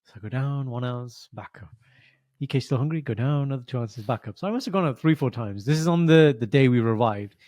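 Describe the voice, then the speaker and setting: A man's voice: mid-range voice, quick pace, darkish tone, no room sound. A man co-hosting a podcast in casual chat, teasing and joking while a little under the weather. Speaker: podcast co-host.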